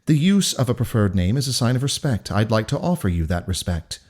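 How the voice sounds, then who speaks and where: A polished, quietly menacing male kidnapper who keeps every word courteous and controlled, as a man reads him out in a low voice. Each sentence is measured and formal, with a lively rise and fall. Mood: cold polite.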